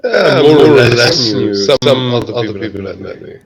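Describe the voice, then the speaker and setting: A man's voice: medium pitch, lively intonation, normal speed, a loud crowd. A man chatting casually in a voice chat, puzzled and asking questions.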